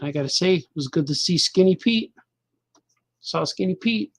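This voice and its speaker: A man's voice: sits high, expressive, moderate pace, no room sound. Rambling middle-aged male cartoonist. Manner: loose, joking, talks to himself. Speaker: cartoonist and podcast host. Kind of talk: casual rambling chat while drawing.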